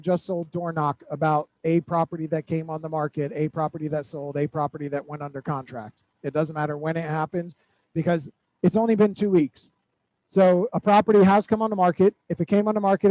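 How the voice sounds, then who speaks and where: A man's voice: sits high, no echo, rough recording. A man coaching a real estate team at a weekly accountability meeting, giving direct, repeated instructions. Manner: direct, repetitive instructions with animated storytelling.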